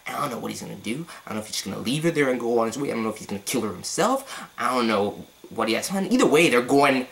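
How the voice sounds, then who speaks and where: A man giving a casual, excitable manga chapter review, full of slang and swearing, swinging between loud outbursts and hushed asides. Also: mid-range voice, racing, creaky, low-quality recording.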